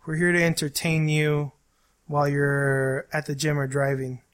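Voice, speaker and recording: A man's voice: a little high, flat delivery, normal speed, fairly bright tone. A man co-hosting a podcast in crude casual banter, teasing his friend, swearing and saying "bro" a lot, sweaty from talking in a small room. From Mexican heritage, living in the US. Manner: profane, teasing, says "bro" often. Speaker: podcast co-host.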